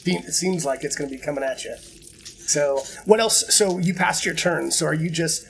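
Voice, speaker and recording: A man narrating a tabletop game as game master, easygoing and halting, with many fillers and restarts. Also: on the high side, vocal fry, a little hiss or hum, rough recording.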